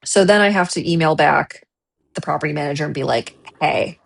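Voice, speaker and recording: A young adult woman streaming, casually retelling a story in an animated way with frequent restarts. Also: deep voice, brisk, creaky.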